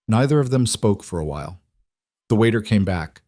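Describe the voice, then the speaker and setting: Low-voiced calm male narrator. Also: normal speed, no echo, clean studio sound. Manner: calm, even storytelling. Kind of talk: scripted narration.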